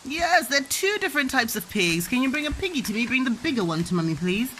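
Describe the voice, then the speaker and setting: A woman playing pretend with her child, teaching animal names in an animated, playful sing-song way. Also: high-pitched, fast, a little hiss or hum.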